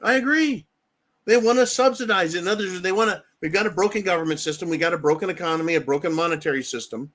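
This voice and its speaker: An American man hosts a live talk stream, with a voice pitched a little above the usual male range. He talks bluntly, swears freely and keeps checking in with "right?". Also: fast talker, fairly bright tone. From United States. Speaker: livestream host. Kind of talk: casual political commentary.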